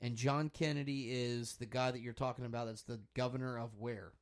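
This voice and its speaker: A young man hosting a laid-back podcast, talking in a loose, rambling way. He swears freely and jumps from stories to calling out a game he is watching. His voice sits at a middling pitch. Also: fairly even intonation, fairly quick. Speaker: podcast host. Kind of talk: casual chat while watching basketball.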